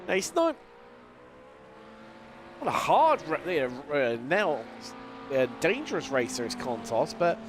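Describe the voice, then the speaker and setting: A man calling a sim race as a live commentator. He has a lingering cold, talks in a lively play-by-play with fillers and mid-sentence restarts. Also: a little high, unhurried, pauses often. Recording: voice over loud race car noise. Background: racing car engine sounds.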